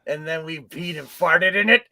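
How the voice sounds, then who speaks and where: A man's voice: a little high, moderate pace, bright, forceful tone. A man putting on the voice of his own colon as a sly, drawling seventies druggie who tempts him. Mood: coaxing.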